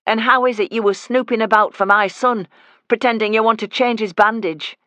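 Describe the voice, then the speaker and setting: A man voicing a sullen, suspicious older working-class mother in an audiobook; she sounds sharp, high and combative. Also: lively intonation, normal speed, clean tone, no echo. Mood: protective. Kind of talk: audiobook character voice.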